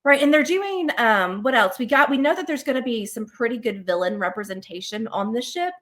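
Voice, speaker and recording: Casting: woman, podcast co-host, chatty and casual, quick to laugh. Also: on the high side, lively intonation, fairly bright tone. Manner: chatty, restarts sentences, laughs easily. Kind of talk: casual chat.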